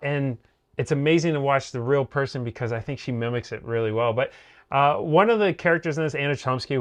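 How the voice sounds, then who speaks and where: A man in mid pitch, neither high nor low, co-hosting a casual TV review chat. He rambles along, piling up fillers and starting sentences over as he thinks aloud. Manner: rambling, heavy on fillers and restarts. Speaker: co-host of a TV review show.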